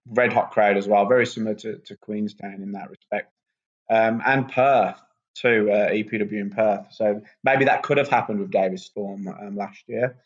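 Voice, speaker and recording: A wrestler, relaxed and rambling with lots of ums, chatting as a guest on a podcast. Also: male voice, lowish voice. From England. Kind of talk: casual podcast interview. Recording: muffled lo-fi sound.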